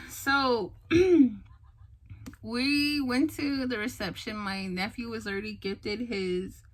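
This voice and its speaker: Animated young woman telling a story. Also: on the high side, drawn-out words, pauses often, poor audio. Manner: animated, re-enacts others' lines, many fillers. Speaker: vlogger. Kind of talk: casual storytelling.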